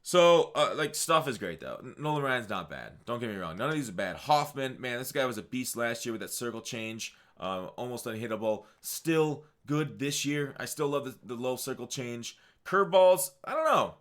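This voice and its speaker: A man's voice: mid-range voice, big pitch swings, normal speed, hardly any pauses, a bit bright. Rambling male gaming commentator. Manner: rambling, many fillers and self-corrections. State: hiccuping. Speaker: gaming channel host. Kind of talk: casual video game commentary.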